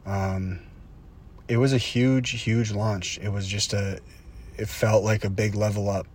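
A man's voice: fairly low pitch, little pitch movement, normal speed, darkish tone. A young man from the Boston area records a late-night vlog outdoors after an event, rambling and swearing as he pep-talks himself. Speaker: filmmaker vlogger. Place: city street outdoors at night. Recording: outdoor traffic noise.

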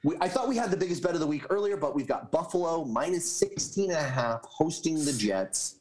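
A man's voice: on the high side, expressive, brisk, a little mellow. A man co-hosting a casual sports betting chat, moderating the picks with teasing asides.

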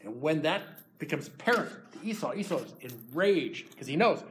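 Animated man telling a sermon story. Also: on the high side, brisk, a little hiss or hum. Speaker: preacher.

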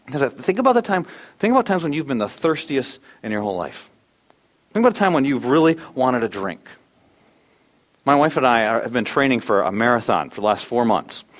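Man, thirties, pastor delivering a sermon; earnest, shifts between hushed and emphatic. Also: a little fast. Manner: earnest, swings between soft low lines and loud animated ones. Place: church.

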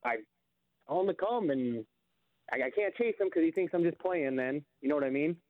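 A man calling in to a radio show, speaking hesitantly with halting starts. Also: a little high, lively intonation, dry recording. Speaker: caller. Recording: tinny phone line.

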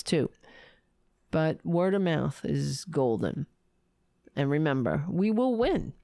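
A woman hosting her own show, signing off in a rambling, self-deprecating way with halting restarts, her voice worn low and hoarse from shouting. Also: no room sound, studio quality. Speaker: show host. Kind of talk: casual live-show sign-off.

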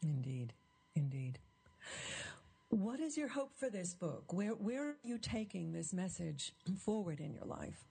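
A woman's voice: lowish voice, sing-song, a little slow, vocal fry, mellow, breathy edge. A woman hosting an interview, asking questions and giving brief, affirming replies. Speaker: interview host.

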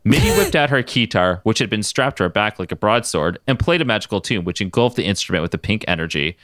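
A man reading a fan story aloud in a lively, swooping voice, breaking off for giggly asides. He sits close to the mic in a dry room. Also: fairly low pitch, quick pace, no room sound. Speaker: podcast co-host.

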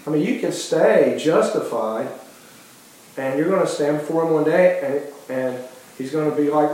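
A man's voice: a little high, moderate pace, a little mellow. A man preaching a sermon with passion, often restarting phrases and acting out quoted dialogue. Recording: very echoey hall.

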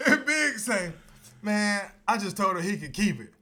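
A man co-hosting a podcast, telling a story in casual chat with lots of laughter and sudden high-pitched outbursts. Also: unhurried. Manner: animated, laughing storyteller, voice jumps high when excited. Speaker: podcast co-host.

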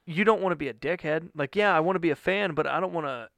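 A man's voice: a little high, fast, creaky, fairly bright tone, no echo. A young adult man chatting casually on a podcast, telling a rambling, profane story and often adding "you know what I mean".

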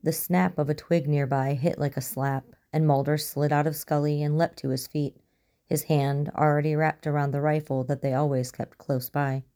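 A woman reading a story aloud as narrator, in a steady, even storytelling manner. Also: deep voice, normal speed. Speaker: story reader. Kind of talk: audiobook narration of fan fiction.

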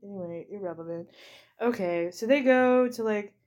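A woman's voice: mid-range voice, moderate pace, a little mellow, lo-fi sound. A young woman hosting a comedy podcast, recapping a movie in a rambling, giggly way with lots of fillers. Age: young adult. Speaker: podcast host.

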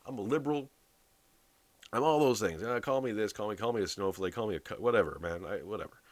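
A man's voice: fairly low pitch, fast talker, dry recording. A man from Canada giving a blunt, sarcastic political rant, swearing heavily.

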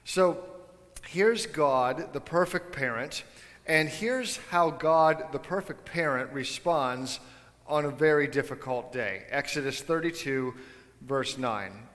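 A man preaching a sermon to his congregation, casual and animated, with joking asides to his listeners. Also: a little high, takes it slowly, big-room sound. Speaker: pastor. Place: church sanctuary.

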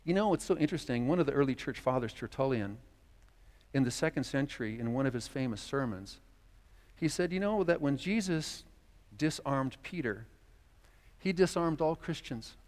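A man's voice: mid-range voice, animated, moderate pace, a little mellow. A man preaching a sermon as pastor, earnest, voicing quoted dialogue as he speaks. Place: church sanctuary. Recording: long church reverb.

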